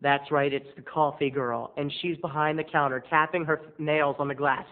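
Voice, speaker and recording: A man's voice: on the high side, steady tone, normal speed. A man telling a dramatic, gossipy story to the camera as a video blogger. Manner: theatrical, gossipy, punchy delivery. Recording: tinny phone-like lo-fi audio.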